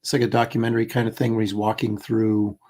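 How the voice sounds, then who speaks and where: A man's voice: lowish voice, flat delivery, quick pace, mellow. A man co-hosting a casual live chat show, joking and rambling with lots of fillers. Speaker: co-host.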